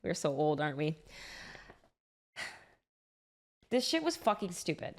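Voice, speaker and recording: A woman's voice: sits low, big pitch swings, measured pace. A young woman streamer chatting casually with her live chat, swearing freely and often restarting her sentences.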